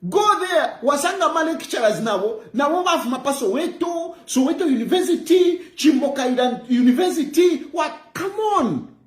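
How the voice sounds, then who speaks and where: A man's voice: very high-pitched, lively intonation, moderate pace. A man with a Zambian accent, lecturing in a mocking way and repeating phrases for emphasis, recorded in an echoey room. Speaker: political commentator. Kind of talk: impassioned monologue.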